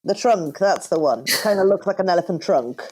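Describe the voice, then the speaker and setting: A woman's voice: on the low side, animated, fairly quick, darkish tone, breathy edge. A woman co-hosting a casual podcast chat, thinking aloud with hesitant, self-correcting phrasing. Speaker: podcast co-host.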